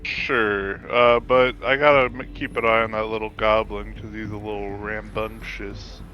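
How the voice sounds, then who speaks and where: A man taking part as a player in a tabletop game, speaking haltingly. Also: lowish voice, flat delivery, lo-fi sound, soft background music.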